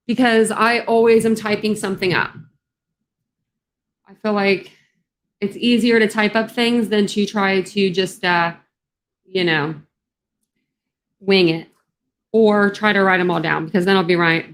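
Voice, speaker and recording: A woman hosting a true crime livestream, a little hoarse, chatting casually with many fillers and greeting viewers in the chat. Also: mid-range voice, fairly bright tone, slight background noise, low-quality recording. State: slightly hoarse. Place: home office studio.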